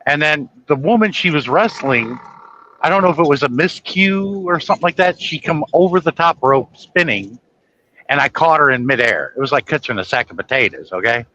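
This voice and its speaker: A man's voice: on the high side, expressive, fairly quick, pushed and bright, dull audio, slight background noise. A man telling a long, rambling story in casual chat, acting out the dialogue as he goes. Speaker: guest storyteller.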